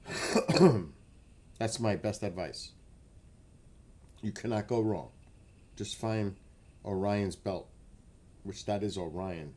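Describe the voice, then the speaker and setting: Man, livestream host, chatty, lowish voice, talks to chat. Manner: chatty, talks to chat by name, gets excited and laughs. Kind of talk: casual livestream chat with viewers.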